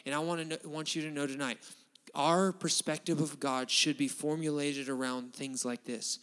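A man preaching a sermon in a folksy, animated way, tossing in "right?" asides. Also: fairly high pitch, normal speed, clear, resonant tone. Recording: hall reverb.

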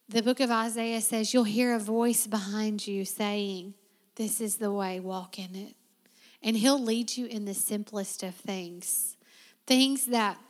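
Woman preaching in a reverberant church. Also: medium pitch. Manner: heartfelt, repetitive preaching cadence. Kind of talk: sermon and closing prayer. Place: church sanctuary. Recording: long reverb of a church hall.

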